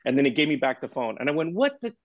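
Animated male storyteller, dull dry sound. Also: mid-range voice, rapid-fire, no echo. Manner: animated anecdotes, frequent "you know", casual swearing. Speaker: guest percussionist. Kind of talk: casual interview storytelling.

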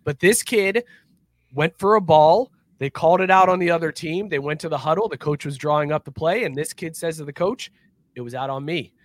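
A man's voice: a little high, brisk, no room sound. A man co-hosting a casual sports podcast, telling stories with energy and acting out quotes. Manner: animated storyteller, acts out quotes. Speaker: podcast co-host.

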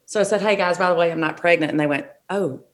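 A middle-aged woman, a football official, telling stories in a relaxed, frank way in an interview. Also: on the low side, fast talker, slight background noise. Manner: relaxed, frank anecdotal telling with short restarts. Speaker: NFL official, interview guest. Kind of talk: conversational interview storytelling.

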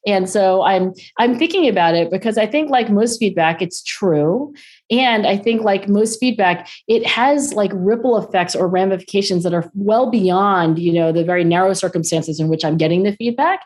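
A woman in her forties, a guest on an interview show, talking fast and filling her speech with "like" and "um". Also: medium pitch. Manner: animated, acts out quoted dialogue in raised voices. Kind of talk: conversational interview.

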